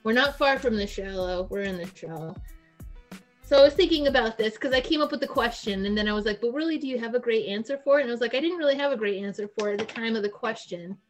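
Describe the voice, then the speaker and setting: A woman's voice: fairly high pitch, fast talker, soft background music. A woman co-hosting a comedy podcast, talking casually in a chatty, self-deprecating way. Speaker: podcast co-host.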